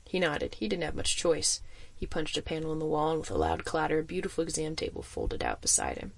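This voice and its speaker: A man narrates a first-person audiobook with a husky, gravelly voice. His delivery is expressive and suspenseful, with a lively, swooping pitch. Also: a little fast.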